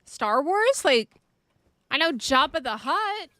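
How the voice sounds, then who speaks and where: Bright, lively woman chatting with her viewers. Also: high-pitched, takes it slowly, dry recording. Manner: playful, giggly, chats with viewers. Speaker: game streamer. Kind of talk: casual live-stream chat.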